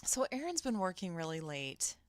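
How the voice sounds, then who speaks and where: A woman's voice: fairly low pitch, sing-song, normal speed, no echo, clean studio sound. A woman co-hosting a podcast in casual chat, telling a creepy story and acting out her own shocked reactions. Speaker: podcast co-host.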